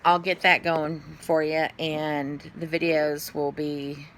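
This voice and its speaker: A middle-aged woman, chatting casually to camera at home in a rambling way, with sudden high exclamations. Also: flat delivery, takes it slowly, fairly bright tone, slight background noise. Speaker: vlogger. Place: at home indoors.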